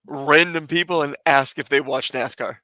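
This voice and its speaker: A man joking around in casual banter, pitching goofy bits. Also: fairly even intonation, normal speed, bright, forceful tone, no room sound.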